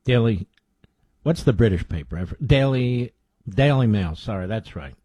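A middle-aged man holds forth on political talk radio, firing off rhetorical questions and sinking low for asides. His voice sits on the low side with a husky grain. The studio sound is close and dry. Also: animated, moderate pace, mellow, dry recording. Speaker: radio talk show host.

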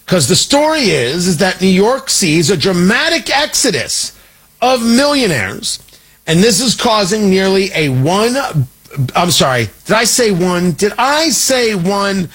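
A man's voice: high voice, fairly bright tone, breathy edge. A man hosting a talk radio show, delivering a sarcastic, rambling political commentary monologue.

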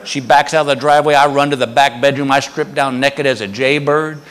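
A man telling a self-mocking story as a stand-up comedian, animated and punchy. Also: mid-range voice, brisk. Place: comedy venue with a live audience. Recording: echoey hall with background noise.

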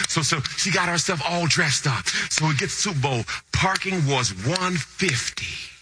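A man preaching, telling a funny story with animated, lively delivery that jumps between low asides and excited high shouts. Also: normal speed, faint music behind. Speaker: pastor. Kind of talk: storytelling sermon.

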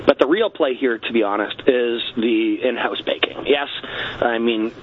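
A man's voice: medium pitch, normal speed, narrow, tinny audio, a little hiss or hum. A Canadian man giving a tongue-in-cheek radio interview, wry and full of stock phrases like "quite frankly". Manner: wry, repeats "let's be honest" and "quite frankly". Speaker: guest with a satirical platform.

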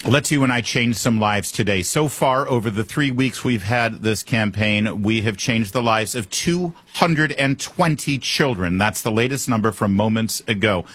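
A man's voice: fairly low pitch, expressive, normal speed, hardly any pauses, fairly bright tone, husky, dry recording. A man hosting a talk radio show, delivering a wisecracking monologue full of sarcastic asides from a studio mic.

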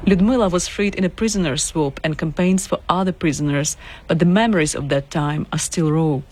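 A woman reporter reading scripted news narration in a measured, even way. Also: deep voice, breathy edge.

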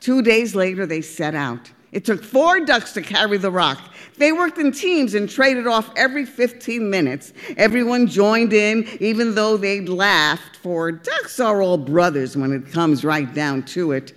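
A woman narrating a storybook, expressive and deliberate. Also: mid-range voice, in a large hall. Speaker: audiobook reader.

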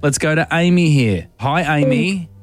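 A man's voice: on the high side, lively intonation, no echo. A man hosting a radio call-in show, teasing and bantering with callers. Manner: playful, teasing, lots of quick agreements. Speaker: radio host.

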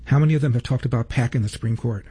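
A man hosting a commentary show, stressing key figures by slowing down. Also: mid-range voice, warm tone, husky. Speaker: host.

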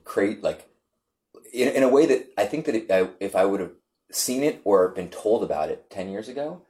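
A man's voice: fairly low pitch, moderate pace. A man in casual conversation, telling a story with many restarts and acting out what others said. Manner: rambling, animated storytelling with restarts and acted-out quotes. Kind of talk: casual conversation among friends.

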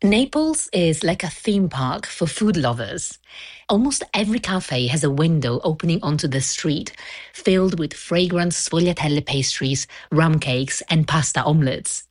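Female reporter, low voice, husky edge, descriptive scripted narration.

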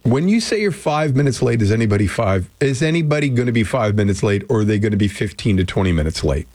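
A man's voice: lowish voice, expressive, fast, darkish tone, dry recording. Chatty radio host man, dry studio sound. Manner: rambling, chatty, self-deprecating. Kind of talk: casual morning radio chat. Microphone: studio microphone.

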